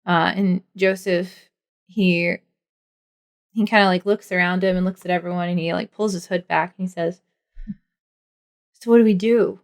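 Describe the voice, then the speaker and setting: A woman's voice: on the low side, level tone, normal speed. A woman narrating as game master of a tabletop game, rambling with lots of fillers. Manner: rambling, full of "like" and "um".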